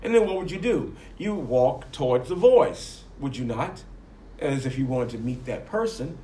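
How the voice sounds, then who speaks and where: A man's voice: mid-range voice, expressive, moderate pace, dark tone, reverberant. A man preaching a sermon, rising and falling emphatically and acting out the voices he quotes.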